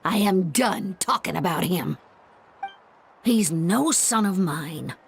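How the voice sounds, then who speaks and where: A woman's voice: fairly low pitch, expressive, slow, gravelly, slight background noise, full character voice. An actress voicing a bitter older woman in a game, speaking coldly and resentfully about a son she has disowned. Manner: cold, clipped and resentful.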